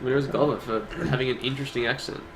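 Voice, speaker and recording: A relaxed man co-hosting an awards stream, his voice gravelly with fry at a middle pitch. He chats casually, laughs easily and rattles off nominee lists, with a faint noise floor behind him. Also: quick pace, low-quality recording. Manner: laid-back, laughs often, reads out lists. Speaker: stream co-host presenting awards. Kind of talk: casual chat.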